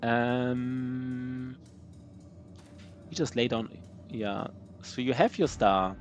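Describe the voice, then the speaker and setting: A man's voice: mid-range voice, steady tone, very slow, muffled recording, soft background music. A man streaming a strategy game live, answering his chat in a loose, rambling way with many fillers and restarts. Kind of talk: casual live-stream chat while gaming.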